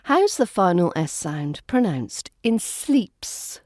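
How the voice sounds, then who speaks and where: A woman with a British RP accent teaching pronunciation in a podcast lesson, saying each sound slowly and carefully. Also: on the low side, very animated, a little mellow, no room sound, clean studio sound. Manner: slow, careful enunciation of single sounds. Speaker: accent coach.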